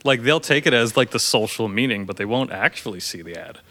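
A man's voice: mid-range voice, expressive, fairly quick, pushed and bright. A man co-hosting a casual movie podcast, blunt and opinionated. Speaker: podcast co-host. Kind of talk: casual movie review chat.

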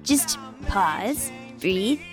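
A woman's voice: mid-range voice, very animated. A woman voicing a spirited young girl who plays guitar in a children's audio drama, upbeat and playful. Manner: upbeat and playful, drawn-out delivery.

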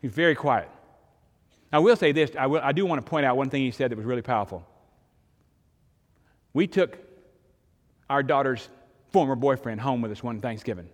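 A man's voice: medium pitch, moderate pace, long pauses, in a large hall. An older man, preaching a sermon in a conversational storytelling way, with sudden emphatic rises. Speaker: pastor.

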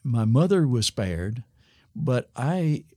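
A man's voice: mid-range voice, big pitch swings, darkish tone, no room sound. An older man, a former missionary pastor, telling a story in an interview and acting out the lines of the people in it. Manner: unhurried storytelling that acts out quoted dialogue.

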